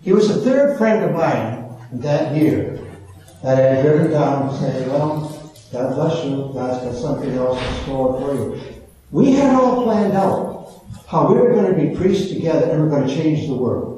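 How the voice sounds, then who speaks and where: An older man, a priest, giving a homily at Mass with lively storytelling and frequent laughs. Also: fairly high pitch, normal speed. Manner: storytelling, animated, laughs often. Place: large church. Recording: echoey church from far off.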